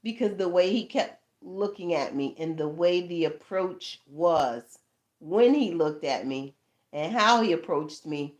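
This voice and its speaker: A woman's voice: lowish voice, unhurried. A woman in her thirties tells a story in a loose, casual way, dropping curse words and checking in with her listeners. She breaks into laughter often and her voice swings widely up and down. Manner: animated, laughing, swearing, lots of "you know what I'm saying". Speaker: tarot channel host.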